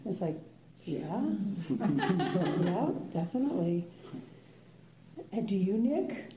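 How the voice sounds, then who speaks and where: An older woman, a meditation teacher, giving an unhurried, musing dharma talk to a class, with soft laughs and pauses. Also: medium pitch, animated, background noise. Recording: roomy, dull lo-fi room recording.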